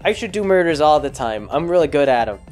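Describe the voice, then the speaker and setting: A man's voice: a little high, lively intonation, quick pace, darkish tone, soft background music, lightly acted. A man doing a whiny, smug teen boy.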